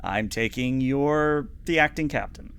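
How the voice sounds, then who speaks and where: A man's voice: mid-range voice, a little slow, fairly bright tone, a little hiss or hum. Brief: a man doing a tired, dry-witted woman admiral for a tabletop game. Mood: weary. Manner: dry, sighing. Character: weary female fleet admiral, dry and exasperated.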